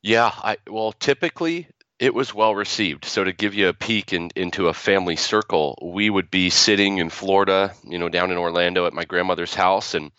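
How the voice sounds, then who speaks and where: Very low-voiced man telling stories. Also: a little fast, few pauses, pushed and bright, smooth, no room sound. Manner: storytelling, frequent restarts. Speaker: guest author. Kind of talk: podcast interview. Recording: dull, lo-fi.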